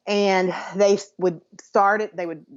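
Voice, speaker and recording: A woman co-hosting a chatty podcast, telling an animated story between laughs. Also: medium pitch, a little slow. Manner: animated, laughing anecdote teller. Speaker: podcast co-host. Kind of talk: casual chat, storytelling. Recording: dull lo-fi sound.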